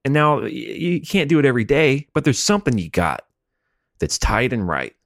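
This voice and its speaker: A man's voice: mid-range voice, big pitch swings, normal speed, vocal fry, dry recording, studio quality. A man co-hosting a podcast, teasing his friend and giving playful advice in casual chat. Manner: teasing, gives pep-talk advice, asks mock interview questions. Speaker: podcast co-host.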